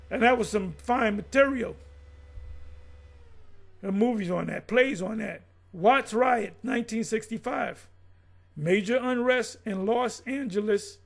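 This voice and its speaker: A man's voice: high-pitched, creaky. A middle-aged man preaching and riffing off what he reads aloud, blunt and profane, calling people out as he goes. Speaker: religious teacher.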